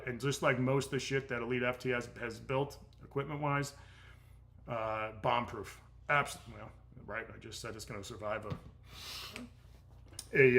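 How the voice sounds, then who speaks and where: A middle-aged man talks loosely through viewer questions on a livestream. His voice is bright and a little tense, his speech blunt and salted with profanity. He rambles, restarts and leans on fillers as he goes. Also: mid-range voice. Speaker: strength coach answering viewer questions. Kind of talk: casual livestream Q&A.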